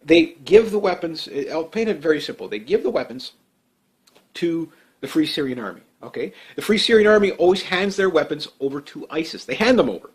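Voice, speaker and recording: A man's voice: a little high, animated, a little fast. A man giving off-the-cuff political commentary, blunt and emphatic, rambling with many fillers and restarts.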